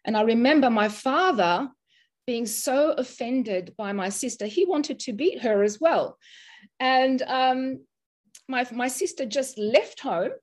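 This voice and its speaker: Speaking in an interview, this Australian mental health first aid teacher in her sixties shares something personal, halting and emotional yet earnest. She has a high voice.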